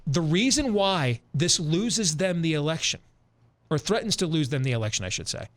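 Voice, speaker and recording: A man hosting a talk show, retelling a film in an emphatic, animated way with frequent repetitions. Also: fairly high pitch, normal speed. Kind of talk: opinionated radio talk.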